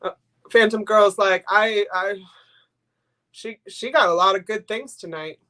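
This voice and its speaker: A woman's voice: mid-range voice, unhurried, bright, forceful tone. An older woman hosting a live stream in casual chat, rambling and emotional, sniffly from crying. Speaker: livestream host.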